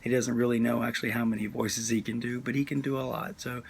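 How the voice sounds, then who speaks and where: A man's voice: mid-range voice, little pitch movement, fast talker, creaky, slight background noise. A man as podcast host, earnestly introducing his guest with many fillers. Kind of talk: scripted show introduction.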